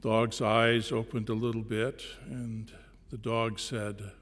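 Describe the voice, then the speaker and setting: A man preaching a sermon, telling a parable slowly and deliberately, with pauses between phrases. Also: fairly low pitch, little pitch movement, a bit bright. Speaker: pastor. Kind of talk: sermon storytelling. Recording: long reverb in a large hall.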